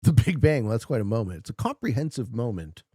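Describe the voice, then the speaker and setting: A man streaming a strategy board game, chatting casually with viewers and swinging from low murmurs to loud shouts. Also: sing-song, fast, breathy edge, dry recording, studio quality. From Canada.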